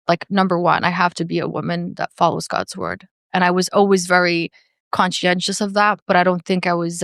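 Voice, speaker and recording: A woman's voice: on the low side, no echo, clean studio sound. A woman speaking as a podcast guest in a candid, earnest and reflective way, with frequent "like" fillers.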